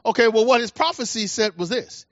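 A man's voice: very high voice, a little fast, fairly bright tone, no echo. A middle-aged man preaching a sermon in a folksy, colloquial way, acting out the voices of the people in his stories. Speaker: pastor. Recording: dull lo-fi dry recording.

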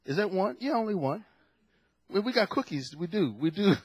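A man's voice: high voice, sing-song, normal speed, slightly rough, no echo. A man preaching a sermon at a lectern to a congregation, telling stories with animation and acting out the voices in his quotes.

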